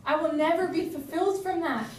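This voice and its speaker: A woman's voice: very high voice, fairly quick. A young woman giving a casual, earnest sermon, chatty and full of fillers. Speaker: preacher. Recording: echoey room, voice from far off.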